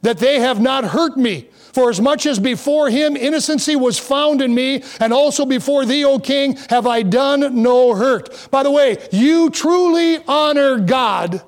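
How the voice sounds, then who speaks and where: Reading scripture in King James wording, this pastor delivers a conversational sermon, pausing for jokey asides. His voice is very high-pitched and his pace a little slow.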